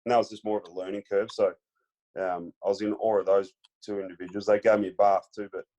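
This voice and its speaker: Podcast guest: relaxed Australian man, lowish voice, rambling anecdotes. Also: fast, dull audio. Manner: laid-back storyteller, many fillers, acts out quotes. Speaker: podcast guest, former footballer. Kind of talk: casual storytelling chat.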